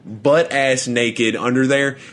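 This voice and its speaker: A man's voice: mid-range voice, fairly even intonation, slow, fairly bright tone. A young man, co-hosting a podcast and telling rambling stories in casual chat, laughing often and stumbling over his words. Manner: rambling, laughs through his own stories, stammers and restarts. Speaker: podcast co-host.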